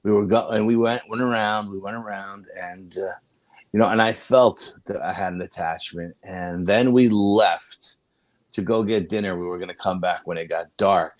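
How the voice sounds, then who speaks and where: An older man with a low, deep voice tells a long story as a guest. He rambles casually, restarting his sentences and filling gaps with "you know". The sound is close and dry, with no room around it. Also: fairly even intonation, moderate pace, no room sound. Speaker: paranormal investigator guest.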